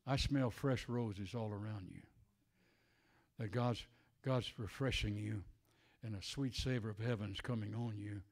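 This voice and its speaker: An older male preacher delivering a sermon, swinging between shouted declarations and hushed, tender passages. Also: on the low side, unhurried.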